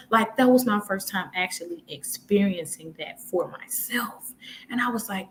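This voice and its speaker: This woman in her twenties is a guest on a talk show, chatting casually and telling stories with real animation. She acts out what people said and laughs often, speaking in a mid-range voice at normal speed. The recording is rough.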